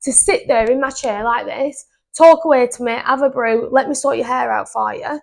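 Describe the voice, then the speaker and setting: A young woman, co-hosting a podcast and telling a story in an animated, indignant way. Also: fairly high pitch, moderate pace, gravelly. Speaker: podcast co-host. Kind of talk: casual chat.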